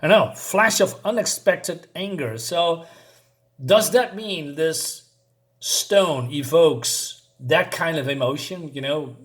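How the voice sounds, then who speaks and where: A man's voice: medium pitch, fairly bright tone. A man reviewing a comic book in a casual, hesitant way, reading panels aloud with frequent asides.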